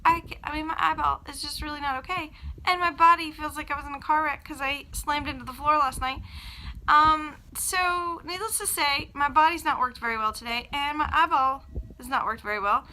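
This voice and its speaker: A woman with children chatting casually to camera in a vlog, telling a story with lively acted-out quotes. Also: sits high, fairly quick, low-quality recording. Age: adult with children. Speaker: vlogger.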